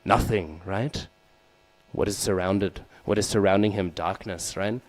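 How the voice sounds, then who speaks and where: A man's voice: low-pitched, measured pace, low-quality recording. A man giving a sermon as he tells a devotional story, acting out the figures and asking the listeners questions, often adding "right?" and "hmm?". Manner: storytelling, acts out the quoted figures. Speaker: speaker giving a scripture class.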